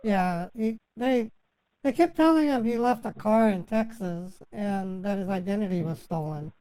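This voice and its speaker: Stammering woman with a mellow voice. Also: mid-range voice, clear, resonant tone, dry recording, poor audio. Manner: halting, stammering, full of fillers and restarts. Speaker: scambaiter posing as a victim. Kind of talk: rambling phone call.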